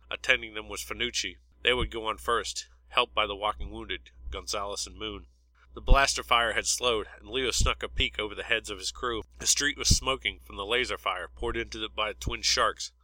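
Man reading a story, bright dry voice. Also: on the low side, no echo, rough recording. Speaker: narrator. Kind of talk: read-aloud story narration.

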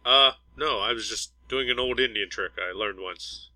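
A man's voice: medium pitch, normal speed, sharp tone, dry recording, poor audio. A man voicing a cheeky male fighter pilot making a wry excuse. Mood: sheepish.

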